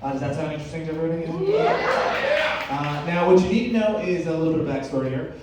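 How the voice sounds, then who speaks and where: A young man doing a stand-up comedy set on stage, telling stories with lots of filler "uh"s and slow, deadpan punchlines. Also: fairly high pitch, heavy background noise. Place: comedy stage with a live audience. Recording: roomy, far-off live venue recording.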